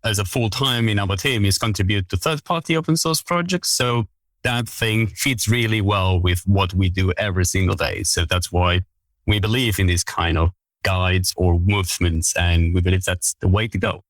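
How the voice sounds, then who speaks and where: A man's voice: sits low, moderate pace, a bit bright, dry recording. A man from Catalonia, a podcast guest introducing himself in a plain, matter-of-fact way. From Catalonia, Spain.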